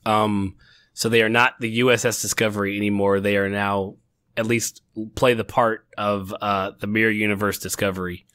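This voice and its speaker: A man's voice: on the low side, flat delivery, normal speed, a bit bright, no echo, studio quality. A middle-aged man co-hosting a casual TV review chat, rambling with frequent restarts and laughter. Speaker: podcast co-host.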